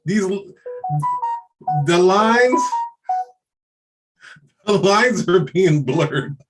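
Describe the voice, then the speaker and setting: A man ranting in a loud, profane way, full of streetwise slang and quick laughs. His voice sits a bit higher than most men's. He keeps it blunt and punchy, as if riling up a crowd. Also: animated, over music. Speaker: motivational speaker. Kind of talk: unscripted motivational rant.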